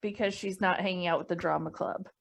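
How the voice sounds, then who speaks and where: A woman playing in a tabletop game, chatting in a relaxed, playful way. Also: lowish voice, quick pace, gravelly. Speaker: player. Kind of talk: casual chat in a tabletop game.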